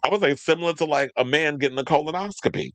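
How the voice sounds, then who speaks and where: A man's voice: on the high side, fast, fairly bright tone, no echo. A man hosting a celebrity gossip show, chatting casually in a sassy way with slang asides as he reads out news items. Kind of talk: casual commentary, reading news aloud.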